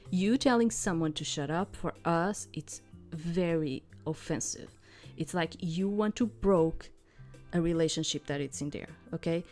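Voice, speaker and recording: A woman's voice: lowish voice, measured pace, a little mellow, faint music behind. A woman streaming a game, chatting casually and explaining at length with lots of fillers. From outside the United States. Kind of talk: casual let's-play commentary.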